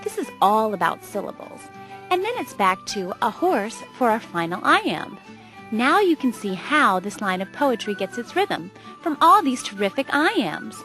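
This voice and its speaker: Lively female narrator over faint music. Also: on the high side, unhurried. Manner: upbeat, explanatory. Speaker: educational video narrator. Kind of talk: scripted educational narration.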